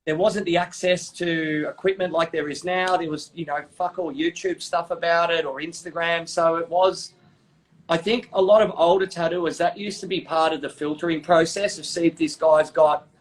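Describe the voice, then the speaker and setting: A man's voice: a little high, fairly even intonation, normal speed, low-quality recording. A man hosting a podcast, chatting in a laid-back, sweary way, often adding "you know". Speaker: host. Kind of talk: casual podcast chat.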